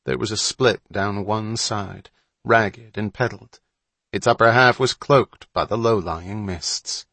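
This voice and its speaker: A man reading a storybook aloud as an audiobook narrator, in steady, measured scripted narration. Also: on the low side, dry recording.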